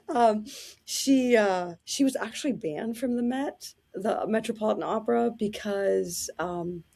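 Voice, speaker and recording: A woman telling anecdotes in a casual interview, animated and quick to laugh. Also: mid-range voice, breathy edge.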